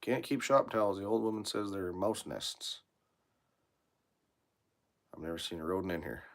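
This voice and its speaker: Low-voiced mechanic, blunt and profane. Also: male voice, animated, normal speed, vocal fry. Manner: blunt, swears freely, rambling shop talk. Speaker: mechanic livestreaming from his shop. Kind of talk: casual live-stream chat, reading viewer comments. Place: his workshop.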